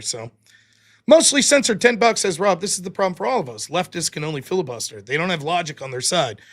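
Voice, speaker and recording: Male streamer, high and animated, reading donations with blunt asides. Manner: quick, offhand thanks and blunt replies with swearing. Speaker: livestream host. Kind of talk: casual chat reading viewer donations.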